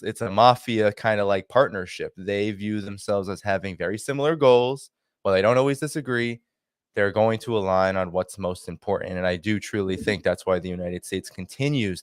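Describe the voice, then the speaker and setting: A man speaking as a guest commentator on a livestream, arguing his points forcefully. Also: fairly low pitch, smooth, dry recording, studio quality.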